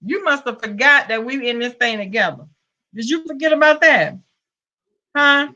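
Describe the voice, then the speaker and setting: A woman's voice: fairly high pitch, animated, moderate pace, pushed and bright, muffled recording. A woman with a Southern US accent hosting a casual livestream, greeting viewers by name and calling them pet names. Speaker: livestream host. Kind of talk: casual live-stream chat.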